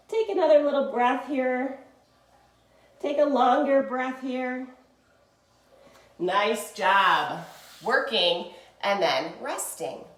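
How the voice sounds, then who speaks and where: A woman's voice: high voice, slow, long pauses, far from the mic. A woman teaching a children's yoga class, reading a picture book aloud and guiding poses in a playful, encouraging way. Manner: playful, encouraging, animated storytelling. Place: indoor room, filmed while doing poses. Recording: echoey room.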